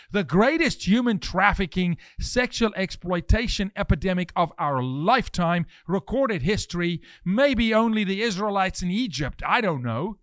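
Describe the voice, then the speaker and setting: Fervent high-voiced man. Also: a bit bright, smooth, dry recording, clean studio sound. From South Africa. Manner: fervent, preachy, full of rhetorical questions. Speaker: podcast host. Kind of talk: impassioned commentary with scripture reading.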